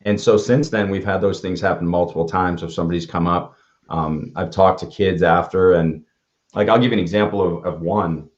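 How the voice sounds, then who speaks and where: A man with a very low, deep voice tells earnest stories in casual conversation, often restarting and acting out what others said. The recording is dull and lo-fi. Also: steady tone, a little fast. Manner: earnest, restarts often, acts out quoted dialogue. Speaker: motivational speaker. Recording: dull lo-fi sound.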